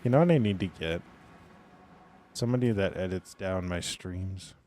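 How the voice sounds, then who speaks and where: A man with a very low, hoarse voice chats loosely through a live game stream. He rambles to himself and to his viewers, sometimes sliding down into a whisper. The talk is loose and unscripted, with a scratchy edge to the voice. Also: normal speed, dark tone. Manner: rambling, talks to himself and chat; drifts into whispering. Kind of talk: casual live gameplay commentary.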